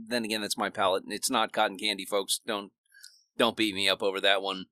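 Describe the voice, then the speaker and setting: A man's voice: on the low side, level tone, brisk, pushed and bright, no room sound, studio quality. A man co-hosting a casual bourbon podcast, chatty, with jokey asides and hedged opinions. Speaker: podcast co-host. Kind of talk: casual bourbon tasting chat.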